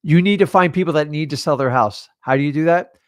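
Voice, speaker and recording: A man's voice: on the high side, quick pace, no echo, studio quality. A middle-aged man, a real estate coach, giving a blunt motivational masterclass and swearing casually as he talks.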